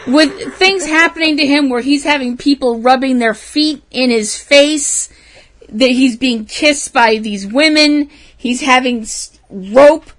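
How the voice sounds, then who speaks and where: A woman's voice: high-pitched, slow, fairly bright tone. A woman co-hosting a casual talk show, telling a story with lots of laughs and animation. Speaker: podcast co-host. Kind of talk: casual chat.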